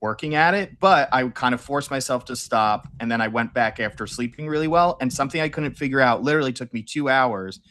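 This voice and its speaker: A man's voice: mid-range voice, a little fast, few pauses, bright, forceful tone. A young adult man co-hosting a podcast, chatting casually and acting out his own quotes as he tells a story. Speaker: podcast co-host. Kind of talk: casual chat.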